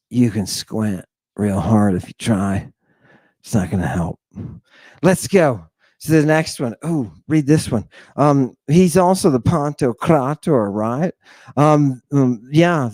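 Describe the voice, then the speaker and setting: A man's voice: a little high, darkish tone, no room sound. A man hosting a talk show, giving theatrical commentary on scripture with mocking, preacher-like calls to his audience and many rhetorical questions. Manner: rhetorical questions, drawn-out emphasis. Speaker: podcast host.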